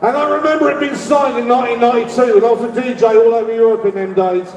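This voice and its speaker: A middle-aged man with a London accent giving a rambling rally speech as an activist, shouting demands and leading the crowd in call-and-response. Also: extremely high pitch, steady tone, fast talker. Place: public rally. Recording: echoey, distant, with crowd noise. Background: faint crowd and ambient noise.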